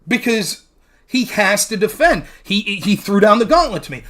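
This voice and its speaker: A male talk show host walks through an old debate, arguing his case hard and with emphasis. His pitch rises and falls a lot as he pushes each point. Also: sing-song, moderate pace, a bit bright. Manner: argumentative, mimics opponents mid-sentence; profane and emphatic. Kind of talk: heated debate recap monologue.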